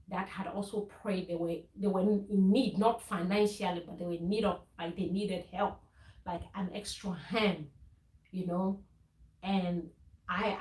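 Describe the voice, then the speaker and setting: A woman's voice: medium pitch, roomy sound, rough recording. A woman from Ghana talking casually in a faith-based vlog, earnest and preachy, with frequent laughs and restarts. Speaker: vlogger.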